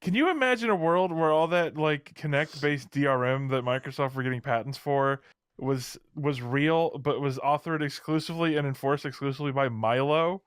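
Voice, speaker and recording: Brief: jokey co-host, slightly higher voice, dry close sound, casual chat. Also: male voice, clear, resonant tone, no echo. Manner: quick, jokey riffing. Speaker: podcast co-host.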